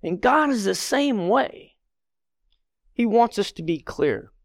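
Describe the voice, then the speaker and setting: A man's voice: sits high, big pitch swings, slow, dry recording, studio quality. Earnest middle-aged man preaching plainly. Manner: earnest, plainspoken, talks to the congregation directly. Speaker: lay church member giving the message. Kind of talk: conversational sermon.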